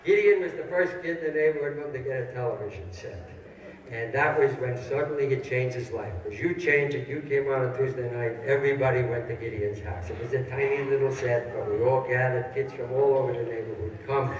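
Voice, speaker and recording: A man's voice: medium pitch, a little fast, a little hiss or hum. A man telling stories and jokes on the stage of a large auditorium, in a chatty, punchline-driven way. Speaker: comedian. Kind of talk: stand-up storytelling and joke telling. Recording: echoey hall miked from far off.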